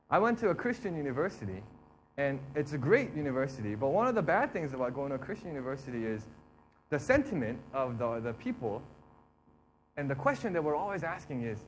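Young guy preaching casually, voice a bit high, slight hum behind, keeps saying you know. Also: sing-song, brisk, low-quality recording. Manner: conversational, acts out imagined prayers and complaints; frequent fillers like "you know" and "right". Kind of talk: sermon.

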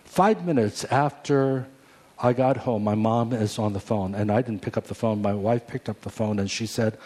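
Pastor in his 40s, sermon testimony; warm low voice with a husky edge, earnest, restarts often. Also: moderate pace. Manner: earnest storytelling with many restarts.

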